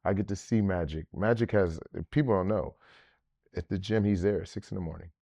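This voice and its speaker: A man hosting an interview, speaking in a calm, affirming, mentor-like way. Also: low voice, brisk, gravelly, no echo. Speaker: podcast host. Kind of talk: interview conversation.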